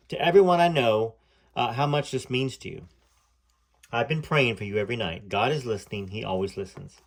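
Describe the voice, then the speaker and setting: A man voicing a devout, secretive young woman who speaks softly and imploringly. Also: medium pitch.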